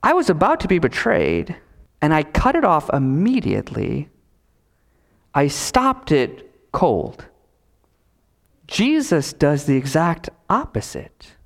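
Male pastor, sermon delivery; high, animated voice, emphatic repetition, reverberant church hall. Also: vocal fry. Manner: emphatic preaching with repetition and dramatic pauses.

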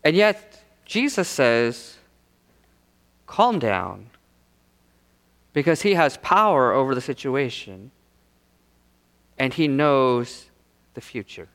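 A male pastor preaching a sermon with rhetorical questions and dramatic pauses. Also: medium pitch, animated, fairly bright tone. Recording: long reverb of a large hall.

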